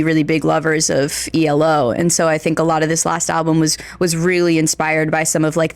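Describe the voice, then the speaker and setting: A bubbly, chatty young woman with a light Pennsylvania accent, talking a bit lower than most women. The sound is dry and close. She laughs easily and rambles through her stories as an interview guest. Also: clear, resonant tone, dry recording. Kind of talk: casual interview chat. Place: record store.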